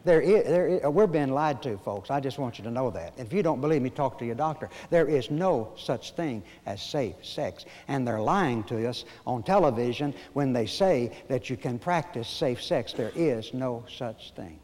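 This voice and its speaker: An older man preaching a sermon, moving between folksy storytelling and emphatic, slow points with dramatic pauses. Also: mid-range voice, animated, darkish tone, big-room sound. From Arkansas, USA. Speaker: pastor.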